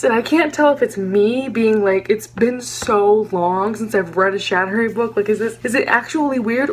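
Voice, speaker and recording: A young woman with a Texan accent reacting to a book in a vlog, gushing and dramatic with lots of "like". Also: a little high. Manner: gushing, fast, full of "like" and dramatic asides. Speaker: book vlogger.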